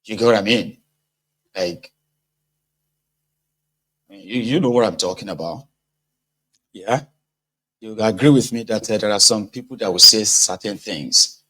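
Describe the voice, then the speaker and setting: A man's voice: lowish voice, measured pace, long pauses, pushed and bright. A man with a Nigerian accent giving casual political commentary, conversational and sarcastic, mixing in pidgin.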